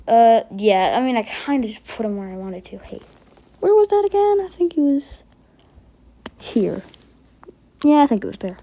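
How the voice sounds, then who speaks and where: A woman with a fairly high voice talks through a tier list of game characters in a loose, rambling way, often correcting herself mid-sentence. She sounds slightly sick and short of breath. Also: expressive, moderate pace, pauses often, warm tone. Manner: rambling, chatty, self-correcting. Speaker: gamer ranking characters. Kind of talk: casual tier-list commentary.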